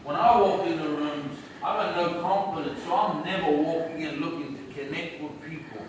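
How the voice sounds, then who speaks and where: A joking man talks from a stage and teases the crowd. His voice sits high and sounds distant, with a big echo and audience noise around it. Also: normal speed. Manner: joking, teasing the crowd, slangy. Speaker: comedic speaker. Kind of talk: stand-up-style talk to audience. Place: stage in a large hall. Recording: echoey hall from far off, audience noise.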